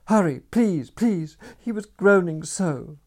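A man reading a story, voicing a desperate young woman in a high, gabbling, pleading voice. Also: expressive, slow pace, creaky, warm tone, breathy edge, full character voice. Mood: frantic.

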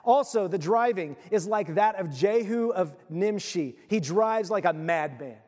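A man's voice: sits high, lively intonation, a little slow, a little mellow, long reverb tail. A male pastor giving a conversational sermon, retelling a story with casual asides.

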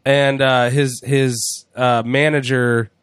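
A man's voice: medium pitch, flat delivery, takes it slowly, fairly bright tone, smooth, no echo, clean studio sound. A man hosting a podcast, chatting casually and profanely with jokes, often acting out other people's lines. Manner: profane, jokey, acts out voices. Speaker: podcast host. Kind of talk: casual wrestling chat.

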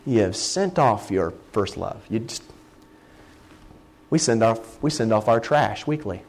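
A man preaching a sermon as a Bible word study, talking conversationally and slowing down to stress key words. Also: on the low side, lively intonation, darkish tone.

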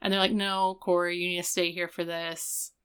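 A woman's voice: lowish voice, level tone, normal speed, fairly bright tone, clear, resonant tone. A woman co-hosting a casual recap chat, retelling scenes and quoting the characters as she goes. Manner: retells scenes with quoted voices. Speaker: podcast co-host.

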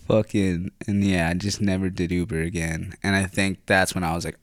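A young man telling a casual story, rambling and profane, full of "like" and throat clearing. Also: low-pitched, steady tone, a little fast, dry recording, clean studio sound.

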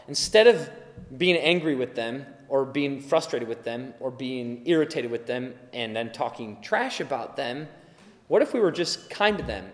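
A man preaching a sermon in an earnest, emphatic way, now and then acting out the voices he quotes. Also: medium pitch. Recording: echoey hall with long reverb.

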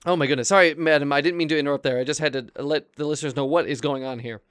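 A man's voice: on the high side, steady tone, very fast, fairly bright tone, smooth, dry recording, clean studio sound. A man hosting an improvised comedy podcast, flustered and stammering in a mock-earnest way. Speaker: host.

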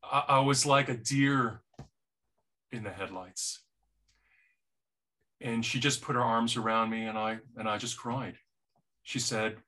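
A man preaching a sermon, talking slowly and earnestly about a personal trial, with frequent repeated starts. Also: mid-range voice, bright, forceful tone. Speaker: pastor.

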